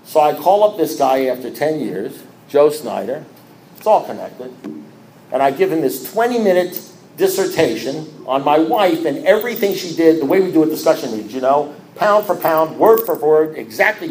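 A man sharing his story as a recovering alcoholic at a recovery meeting, telling it in an animated, repetitive way and acting out the dialogue. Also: on the high side, normal speed, a little hiss or hum. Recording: roomy echo with faint ambience.

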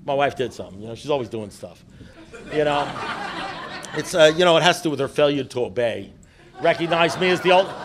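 Blunt, joking middle-aged man telling stories. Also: fairly high pitch. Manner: joking, blunt and profane, with many restarts. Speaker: speaker at a recovery meeting. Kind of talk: storytelling talk to a meeting.

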